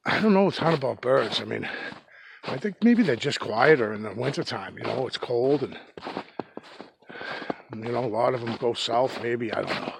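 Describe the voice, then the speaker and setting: Gravelly Boston-accented man hiking outdoors. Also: medium pitch, animated, normal speed, long pauses, slight background noise. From New England. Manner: chatty, rambling, joking. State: slightly winded from hiking. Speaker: hiking vlogger. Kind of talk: casual walk-and-talk vlog. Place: snowy forest outdoors.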